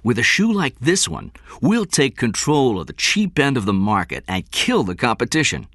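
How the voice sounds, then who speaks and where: Guy doing a scheming businessman, pushy, pitched up high over his low voice. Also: wildly swooping pitch, moderate pace, a bit bright, no echo, studio quality, heavily acted. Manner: pushy and wheedling. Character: scheming narrow-faced male businessman.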